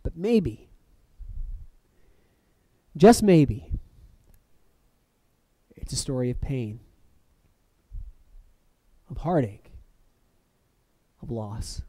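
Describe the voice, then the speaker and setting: A man preaching a reflective sermon, letting phrases fall soft and then lifting sharply for emphasis. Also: mid-range voice, big pitch swings, drawn-out words, long pauses, no room sound. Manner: reflective, with soft dropping phrase ends and sudden lifts.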